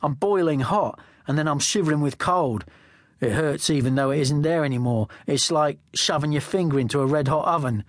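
A man's voice: on the high side, a little fast, no echo, studio quality. A man reading a teen novel in the first person, with a wry, conversational manner. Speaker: audiobook narrator. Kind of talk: first-person audiobook narration.

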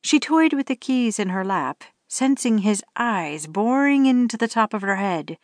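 A woman narrating a romance audiobook in a steady storytelling manner. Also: fairly high pitch, measured pace, no echo, clean studio sound. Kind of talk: scripted narration.

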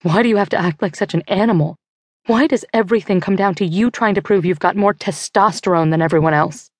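A woman voicing a sharp-tongued teenage girl in an audiobook, cold and scolding. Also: fairly low pitch, lively intonation, takes it slowly, breathy edge, dry recording, full character voice. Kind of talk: audiobook character voice.

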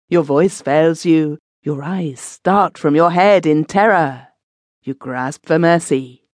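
A woman's voice: low-pitched, a little mellow, dry recording, studio quality. Woman voicing a grandiose fat comedian. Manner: theatrical, declamatory. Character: fat male comic actor, theatrical and grandiose.

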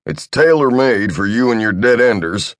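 A man's voice: medium pitch, expressive, moderate pace, no echo, studio quality, voice pushed up, lightly acted. A man voicing a blunt military general who talks in short, clipped bursts. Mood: gruff, pushy.

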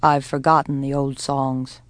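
A woman voicing a gentle, widowed farmer father who speaks quietly and slowly, in few words. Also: deep voice, creaky, no echo, voice pushed down.

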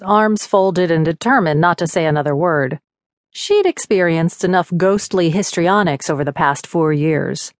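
A woman narrating an audiobook in a measured, wry manner from a studio. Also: lowish voice, no room sound. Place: recording studio.

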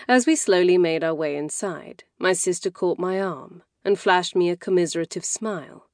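A woman narrating a young-adult novel in the first person, in a wry, measured storytelling manner. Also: fairly low pitch, darkish tone, no echo, studio quality. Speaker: audiobook narrator. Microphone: close studio mic.

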